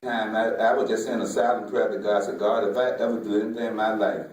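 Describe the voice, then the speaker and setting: A man, a folk artist, giving an emotional personal talk in a halting way, often repeating words, with Southern vernacular. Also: on the low side, steady tone, a little mellow, a little hiss or hum. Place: museum lecture hall. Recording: echoey hall, voice from far off.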